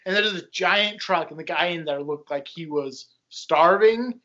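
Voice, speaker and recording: Young male co-host, bright and high, self-mocking rambler, muffled recording. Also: measured pace. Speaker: podcast co-host. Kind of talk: casual storytelling chat. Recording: dull lo-fi sound.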